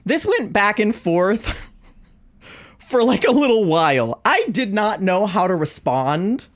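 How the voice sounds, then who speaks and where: Animated, laughing streamer telling a story. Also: takes it slowly. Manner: animated, laughs often, big swings in pitch. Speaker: live streamer. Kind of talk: casual storytelling to chat.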